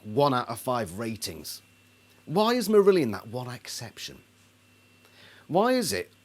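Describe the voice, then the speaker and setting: A man ranting about a band in a sarcastic, indignant video monologue. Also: mid-range voice. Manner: indignant, sarcastic, mocks others in put-on voices. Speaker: album reviewer.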